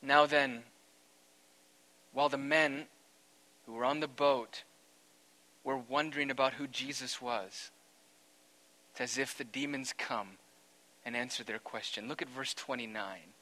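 A man preaching a sermon, conversational and animated, swinging between loud and quiet with dramatic asides. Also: mid-range voice, unhurried, pauses often, rough recording. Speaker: pastor.

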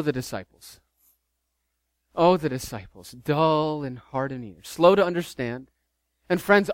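A man, a pastor, preaching a sermon with animated delivery, acting out the disciples' complaints. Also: on the high side, no echo.

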